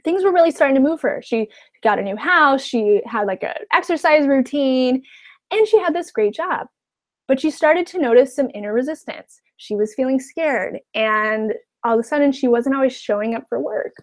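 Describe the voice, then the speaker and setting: A woman's voice: high-pitched, lively intonation, moderate pace. A woman life coach giving a webinar talk, encouraging, often checking in with "okay?" and acting out the voices of others.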